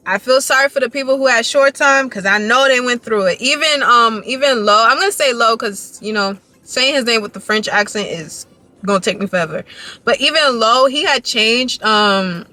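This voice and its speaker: A young woman tells a story to her camera in a bright, slightly high voice. She rambles with excitement and keeps reaching for "like" and "y'all" as she goes. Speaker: dance vlogger. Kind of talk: casual storytelling vlog.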